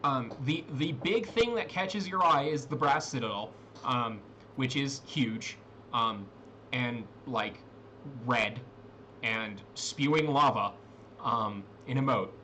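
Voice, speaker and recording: A man's voice: mid-range voice, slow pace, bright, forceful tone, a little hiss or hum. A man narrating a tabletop role-playing game as game master, rambling with many fillers and restarts.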